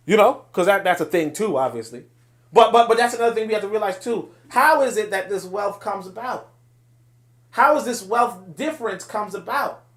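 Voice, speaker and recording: A man's voice: high voice, a bit bright. A man hosting a podcast, giving emphatic solo commentary on social media posts in a lecturing way. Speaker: podcast host.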